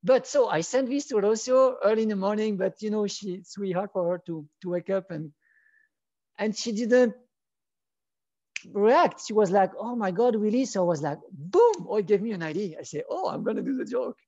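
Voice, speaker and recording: Mellow, rambling man. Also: high-pitched, animated, normal speed, no echo. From France. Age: 40s. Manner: rambling storyteller with frequent restarts, enthusiastic. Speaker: wedding photographer, guest. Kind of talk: casual interview chat. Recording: dull lo-fi audio.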